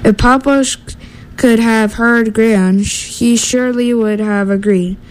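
Woman, storyteller, children's book read aloud, steady, gentle, a faint hiss. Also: fairly high pitch, measured pace, rough recording. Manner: steady, gentle reading with small slips.

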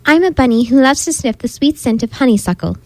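A woman voicing a small, shy and hopeful male bunny in a storybook read-aloud, speaking softly and with wonder. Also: high voice, animated, fast talker, no room sound, low-quality recording.

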